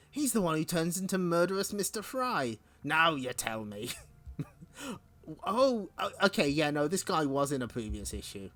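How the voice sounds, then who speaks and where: Male streamer reading comics, giggly chatty asides, lively pitch. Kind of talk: comic read-along.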